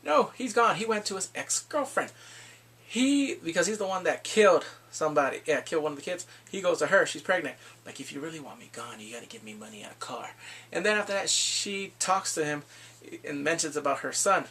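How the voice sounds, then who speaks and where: A man casually recapping a drama's plot, animated and acting out his own reactions with whoops and exclamations. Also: a little high, a little fast, slightly rough, recorded from a distance. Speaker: drama reviewer.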